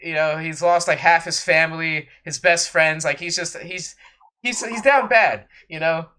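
A man's voice: fairly high pitch, a little slow, bright, forceful tone, smooth. A man co-hosting a wrestling podcast, ranting in an exasperated, sarcastic way. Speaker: podcast co-host. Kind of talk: casual wrestling podcast rant.

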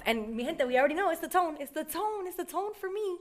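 A young woman casually telling a story, animated and profane, acting out her mother's lines. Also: very high-pitched, fast talker, hardly any pauses.

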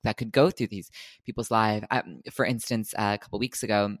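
A woman's voice: very deep voice, steady tone, normal speed, no echo. A woman co-hosting a podcast, telling candid personal stories in casual chat. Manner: candid, storytelling with asides.

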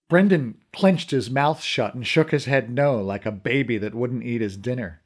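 A man's voice: mid-range voice, moderate pace, hardly any pauses. A man narrating a story in the first person, reading expressively. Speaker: audiobook narrator.

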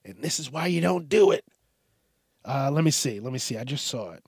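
A man's voice: medium pitch, lively intonation, a little fast, a little mellow, husky, no echo, clean studio sound. A man hosting a casual, profane news commentary show, rambling and laid-back as he reacts to stories. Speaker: host.

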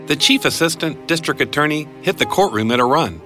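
Man, podcast host, bright clear voice, scripted narration, soft music underneath. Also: a little high, lively intonation, a little fast. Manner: crisp, matter-of-fact storytelling.

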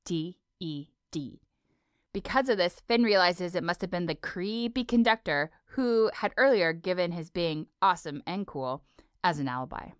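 A podcast co-host recaps a cartoon episode in casual, playful chat, sounding chatty and giggly. Her fairly low, resonant voice is animated and clear at a normal pace, captured in a dry, clean studio recording.

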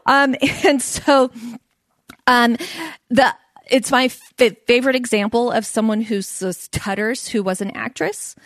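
Woman who stutters, higher voice. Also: steady tone, unhurried, fairly bright tone, no room sound, studio quality. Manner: stutters, with repeated sounds and blocks; playful, laughs often. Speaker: comedian giving a talk. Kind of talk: stand-up style talk to a live audience.

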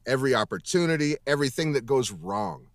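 A fast-talking voice actor with a medium-pitched, lively voice guests on a casual interview over video call, with no room sound. He's emphatic and profane, piling on swears and rambling with restarts.

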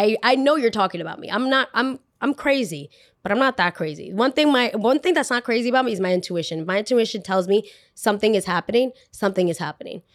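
A woman hosting a podcast tells a story in an animated, chatty way, with lots of "like" asides. Her voice sits at an average pitch. The recording is dry and close, with almost no room sound. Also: no echo. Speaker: podcast host. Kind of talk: casual storytime monologue.

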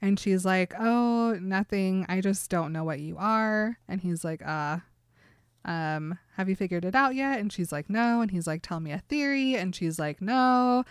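A woman's voice: fairly low pitch, a little slow, clean tone, no echo, studio quality. A woman chatting casually, retelling scenes in quoted dialogue and laughing often. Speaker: podcast co-host recapping a book. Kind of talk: casual chat.

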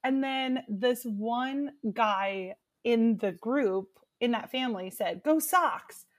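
A young woman chatting casually, telling an animated story and breaking into shrieked cheers as she acts it out. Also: on the high side, takes it slowly. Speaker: guest storyteller. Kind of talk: casual chat.

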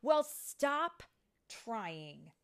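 Loud, scolding fairy girl, prickly and bossy, voiced by a mom reading aloud. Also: on the high side, big pitch swings, extremely slow, voice pushed up, heavily acted. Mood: snappish. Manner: snappy and scolding.

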